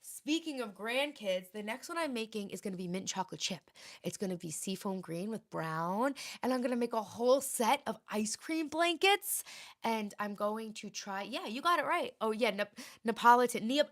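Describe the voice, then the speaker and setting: A woman in her thirties chatting playfully with viewers on a casual home livestream. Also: a little high. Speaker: livestream host. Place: home, indoors.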